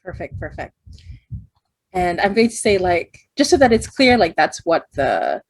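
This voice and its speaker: Woman game master, lower register, dry close mic, chatty scene-setting narration. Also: sing-song, measured pace, creaky, dry recording. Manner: descriptive, thinking aloud with many fillers. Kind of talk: narrating a tabletop role-playing game.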